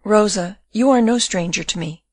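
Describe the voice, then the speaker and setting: Brief: calm, tender condemned young man, read by a woman; storybook audiobook, dry booth. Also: medium pitch, moderate pace, no echo, close to an everyday voice.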